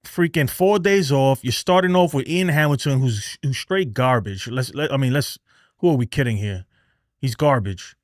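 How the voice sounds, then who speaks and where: A man's voice: mid-range voice, normal speed, no echo. A man ranting on his live sports stream, exasperated and profane, circling back to the same points with scoffing laughs. His voice sits in an ordinary middle range. The sound is dry and close to the mic. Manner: angry, exasperated ranting with swearing; repeats himself and restarts, laughs in disbelief. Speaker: livestream host.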